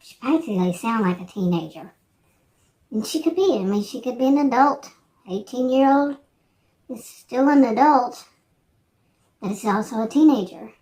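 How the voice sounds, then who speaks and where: A woman's voice: on the high side, expressive, moderate pace, pauses often, warm tone. A woman in her sixties chatting casually on her vlog, wandering from thought to thought with hesitant restarts. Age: 60s. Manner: meandering, hesitant, many restarts and fillers. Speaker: vlogger. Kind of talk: rambling casual chat.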